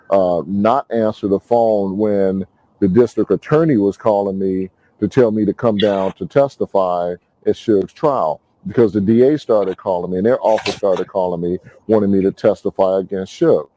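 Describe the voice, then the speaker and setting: A man recounting events in an interview clip, speaking in a measured, hesitant way with frequent ums. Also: on the low side, steady tone, warm tone, no room sound.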